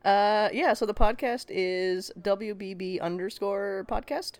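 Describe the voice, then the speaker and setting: A woman's voice: medium pitch, measured pace, no room sound. A woman guest on a podcast, telling stories in casual chat and swearing freely. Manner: energetic storytelling, swears casually.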